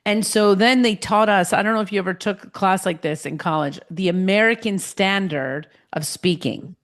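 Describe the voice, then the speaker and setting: Jersey-accented lady host, chatty and animated, regular pitch, easygoing interview chat. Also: normal speed. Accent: New Jersey. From New Jersey. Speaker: podcast host. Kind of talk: casual chat.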